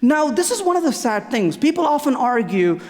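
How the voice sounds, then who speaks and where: An animated conference speaker whose pitch rises and falls expressively while stressing the same point again and again. The talk goes out through a stage microphone. The sound rings out with the long reverb of a large hall. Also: moderate pace. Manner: emphatic, repeats key points, frequent restarts.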